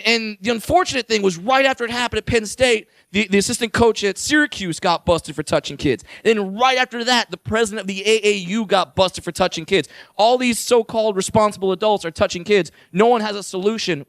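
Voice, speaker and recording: Young male stand-up comic, very high gravelly voice, bright and punchy, crude and loud, dry close sound. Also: no room sound. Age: 20s. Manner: brash, crude, shouted punchlines. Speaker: stand-up comedian. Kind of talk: stand-up comedy set.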